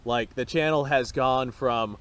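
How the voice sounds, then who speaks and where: Man, casual vlog chat, rambling, foul-mouthed, mid-pitched voice, outdoors at a range. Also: unhurried, fairly bright tone, a little hiss or hum. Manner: laid-back, rambling, swears freely. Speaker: firearms channel host.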